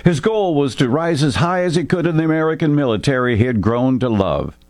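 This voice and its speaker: A man's voice: on the high side, animated, a little mellow, no room sound. Man narrating a war story, dry recording. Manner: measured storytelling, voicing characters lightly.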